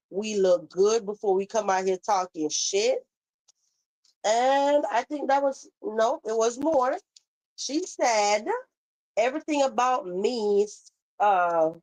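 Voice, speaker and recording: A woman's voice: on the high side, darkish tone, low-quality recording. A woman hosting a casual livestream, chatting straight to her viewers in a sassy, talkative way. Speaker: livestream host. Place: Florida home.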